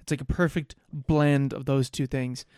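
A man hosting a film podcast, recapping a movie in a loose, animated, profane chat on a close microphone. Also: mid-range voice, normal speed, clean tone, no echo. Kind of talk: casual chat.

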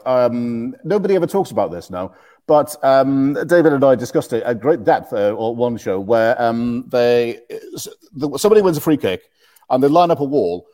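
A man hosting a podcast in casual, jokey chat. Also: medium pitch. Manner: jokey, animated, breaks into playful voices. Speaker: podcast host.

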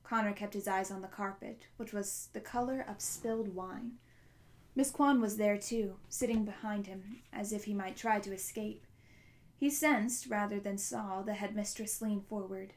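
A woman reads a novel aloud in a steady, even voice of ordinary middle height. Now and then she stumbles and corrects herself with small slips. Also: mid-range voice, normal speed. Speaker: audiobook narrator.

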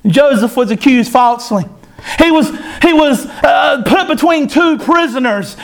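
A man preaching a sermon to his church, fervent and repetitive, with folksy phrasing and sudden loud bursts. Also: extremely high pitch, lively intonation, a little slow. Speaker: pastor.

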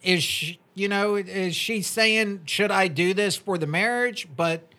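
A podcast co-host in casual chat, expressive and quick to cut in. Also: mid-range voice.

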